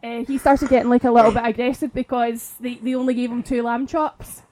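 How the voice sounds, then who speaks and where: A woman's voice: fairly high pitch, level tone, a little fast, darkish tone, poor audio. A woman in her thirties with a slight lisp, co-hosting a podcast and telling a rambling date story. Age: 30s. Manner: chatty storyteller, many restarts and laughs. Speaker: podcast co-host. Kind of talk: casual chat.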